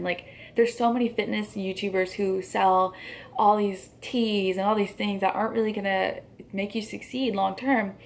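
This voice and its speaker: A woman's voice: medium pitch, creaky, slight background noise. A young woman in her twenties talking frankly in a casual commentary vlog, agitated, with frequent "um" and "like" fillers. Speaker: YouTuber.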